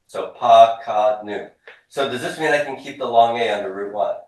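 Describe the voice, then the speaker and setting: A man teaching a grammar lesson to a class, drilling students with quick questions. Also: mid-range voice. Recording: echoey classroom from far off.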